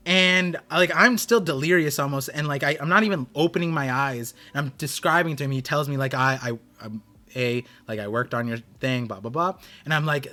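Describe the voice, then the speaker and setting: A man's voice: a little high, a little fast, pushed and bright. A man hosting a live stream, telling a rambling story in casual chat with many restarts. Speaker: streamer host.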